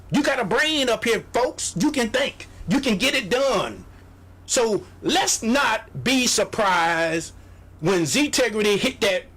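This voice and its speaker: A man's voice: high voice, fairly bright tone, breathy edge. A man hosting a radio show, giving a motivational sales pep talk, exhorting his listeners, repeating phrases and mimicking doubters.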